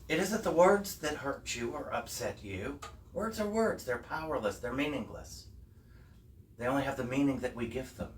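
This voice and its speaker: A man delivers a sermon at an unhurried, deliberate pace, now and then rising to emphatic peaks. His voice is picked up from some way off and rings around a reverberant hall, with a faint room ambience underneath. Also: medium pitch, expressive, recorded from a distance, slight background noise. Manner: slow, reflective preaching with rising emphatic peaks. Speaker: minister. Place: church hall.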